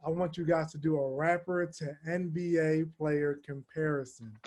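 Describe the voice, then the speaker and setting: A man's voice: fairly high pitch, steady tone, moderate pace, darkish tone. A man hosting a casual podcast debate, summing up and steering the talk. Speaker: host.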